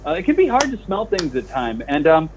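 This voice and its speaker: A man's voice: on the high side, wildly swooping pitch, brisk, slight background noise. A man playing a smarmy, innuendo-loving morning show host, speaking with hammy fake sincerity. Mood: mock-sincere. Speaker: improv comedy show host. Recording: dull lo-fi stream audio.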